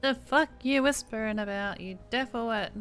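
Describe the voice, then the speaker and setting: Woman yelling as a raging knife-wielding psycho man. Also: a little high, moderate pace, faint music behind, lightly acted. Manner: yelling, swearing threats. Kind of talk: reading game dialogue aloud.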